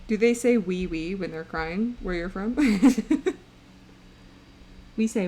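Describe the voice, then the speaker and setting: A woman's voice: fairly high pitch, slow pace, pauses often. A young woman streaming live, chatting playfully and rambling to her viewers while she draws. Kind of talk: casual live-stream chat while drawing.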